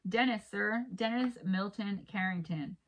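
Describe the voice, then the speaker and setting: A woman's voice: mid-range voice, a little slow, lightly acted, low-quality recording. A woman voicing a polite young male gas station attendant with a put-on rural drawl, respectful and brief.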